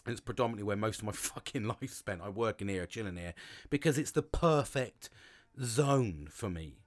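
A man's voice: fairly low pitch, animated, normal speed. A middle-aged man, hosting his own podcast from his home cabin. He swears a lot and rambles with many restarts. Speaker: podcast host. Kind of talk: casual solo podcast monologue. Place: home log cabin studio.

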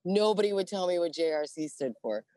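A woman's voice: on the low side, a little fast, no echo, clean studio sound. A woman in her forties, a Navy veteran, telling stories in a casual interview, profane and laughing often. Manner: lively, profane, laughs often, acts out dialogue.

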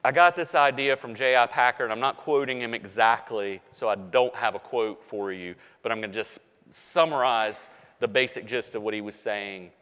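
A man preaching a sermon as pastor, emphatic and repetitive, swinging between hushed and loud passages. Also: mid-range voice, normal speed, hardly any pauses, smooth, big-room sound.

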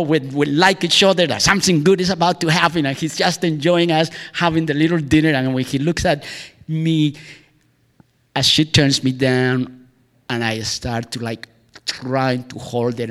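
A man rambling through a heartfelt personal monologue, veering from excited outbursts to hushed, near-whispered lines, with frequent laughs and exclamations. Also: medium pitch, big-room sound. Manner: laughs often, sighs and exclaims.

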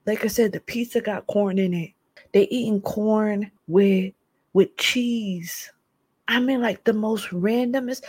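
Animated slangy young woman. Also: a little high, breathy edge, no room sound. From United States. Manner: animated and dramatic, slangy exclamations. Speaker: vlogger. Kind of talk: casual storytelling to viewers.

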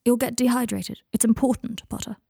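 A woman's voice: on the high side, fairly quick, vocal fry, slightly rough, dry recording, studio quality, pitched above the performer's own voice. Woman playing a curt, guarded young man. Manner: short, flat replies. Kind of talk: audiobook fiction reading.

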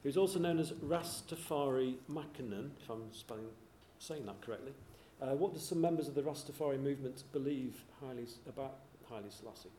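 A man hosts a panel show's trivia segment, reading out facts and quizzing the panel. His mid-range voice has a dark tone and he speaks briskly with few pauses, recorded in an echoey room with faint hiss.

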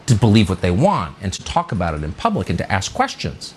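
A man's voice: fairly low pitch, wildly swooping pitch, fast talker, hardly any pauses, slight background noise. A man hosting a commentary show, delivering an indignant, sarcastic opinion monologue with heavy emphasis.

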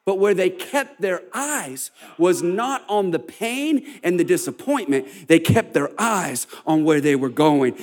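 An American man preaching a sermon to a congregation, building to shouted exhortations and calling for responses. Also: sits high, animated, a little slow, hardly any pauses. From United States. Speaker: pastor. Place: church before a live congregation.

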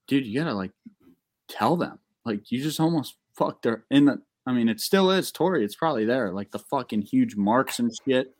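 A young man telling a long, profane, excitable story in a casual podcast chat. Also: on the low side. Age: young adult.

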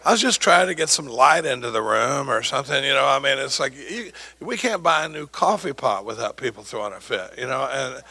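An older man speaks at a recovery meeting in a folksy, joking way, acting out the voices of people he quotes. His voice is bright and gravelly with a husky edge. It sits a little high for a man. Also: lively intonation, a little fast, few pauses.

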